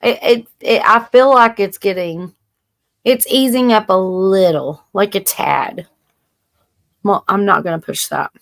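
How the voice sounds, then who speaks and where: A woman's voice: medium pitch, measured pace, creaky. A woman hosting a casual live-stream chat, loose and blunt with slang and mild cursing. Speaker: livestream host.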